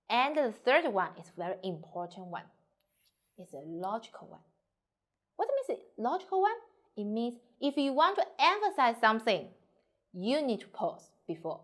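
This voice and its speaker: A woman's voice: fairly high pitch, sing-song, normal speed. A Mandarin Chinese teacher explaining pronunciation in simple, non-native English, a woman who speaks it as a second language and switches into Mandarin example sentences. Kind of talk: language lesson.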